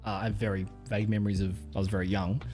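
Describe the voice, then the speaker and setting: A man's voice: on the low side, flat delivery, racing, warm tone, faint music behind. A man from Australia with an Australian accent, rambling crudely on a casual livestream and laughing often. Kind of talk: casual stream chat.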